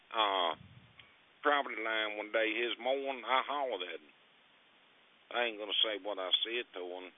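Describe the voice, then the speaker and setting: An older man calling in by phone, rambling through a coarse, heated grievance. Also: fairly low pitch. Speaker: caller. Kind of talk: phone-in storytelling. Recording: tinny phone line.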